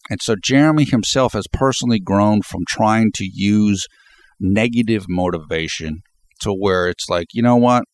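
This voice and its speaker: A sports video blogger with a notably deep, low voice offers casual commentary to his viewers in a relaxed vlog style. He talks off the cuff at an easy, moderate pace, reflecting as he goes.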